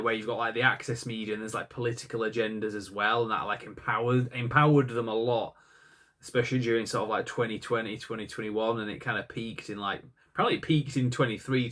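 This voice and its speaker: A man's voice: on the low side, a bit bright. A man co-hosting a podcast, rambling and opinionated in casual chat, full of "like" and "um". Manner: rambling, opinionated, heavy use of "like" and "um". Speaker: podcast co-host.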